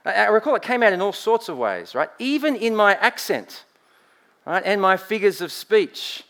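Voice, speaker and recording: An Australian man preaching a sermon with lively swings between loud emphasis and quiet asides, often checking in with "right?". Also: sits high, moderate pace.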